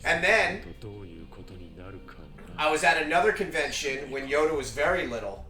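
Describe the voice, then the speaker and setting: Man, streamer, casual rambling chat, excitable, slightly high voice, echoey room, faint music. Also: normal speed. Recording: roomy, distant mic with music behind.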